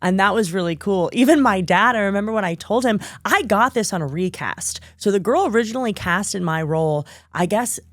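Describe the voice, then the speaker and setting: A woman's voice: mid-range voice, a little fast, hardly any pauses, dry recording, studio quality. A young adult woman, a guest actress, telling stories in a casual podcast chat and acting out the people she quotes. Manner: animated, acts out quoted dialogue.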